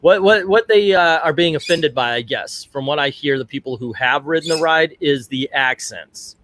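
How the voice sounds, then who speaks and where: A man's voice: a little high, moderate pace, a bit bright, slight background noise. A middle-aged man hosting a casual livestream, chatty and digressive, turning aside to talk to his family. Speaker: livestream host.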